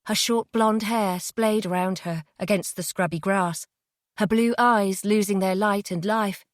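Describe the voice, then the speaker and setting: A woman reading a suspense audiobook in a measured, dramatic way on a close studio mic. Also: mid-range voice, no echo. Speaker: audiobook narrator. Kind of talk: scripted narration.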